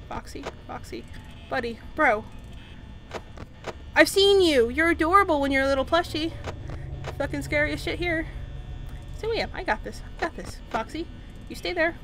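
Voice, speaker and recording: A woman's voice: high voice, lively intonation, moderate pace, long pauses, a bit bright, soft background music, low-quality recording. A young adult woman commentating a horror game, jumpy and nervous, babbling and swearing constantly. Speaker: gaming channel host.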